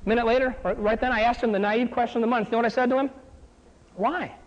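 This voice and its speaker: A man's voice: very high-pitched, fairly even intonation, racing, muffled recording. A man giving a motivational keynote speech in a conference hall, telling a story with animation and asking the audience questions.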